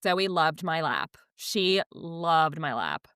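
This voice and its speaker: A woman in her thirties, a podcast co-host chatting casually and telling animated stories, acting out the voices she quotes. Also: low-pitched, slow pace, clean tone, no echo, studio quality. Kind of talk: casual chat.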